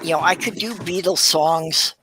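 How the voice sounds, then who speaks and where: A man chatting on a live stream with a wry, deadpan sense of humor. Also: a little high, normal speed, slight background noise. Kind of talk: casual live stream banter.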